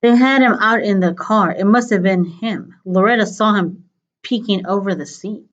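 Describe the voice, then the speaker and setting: A woman's voice: mid-range voice, lightly acted. A jittery, shifty bearded crook, read by a woman hurries through his words from a storybook. The recording is dull and lo-fi. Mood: nervous. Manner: nervous, fast-talking.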